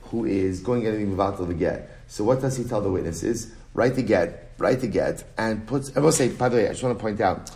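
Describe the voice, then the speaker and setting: A man teaching a Talmud class in a lively, conversational way, reading Aramaic and explaining it in English with many "right?"s. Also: lowish voice, a little fast. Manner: frequent "right?" and restarts, storytelling tone. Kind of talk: Talmud lecture.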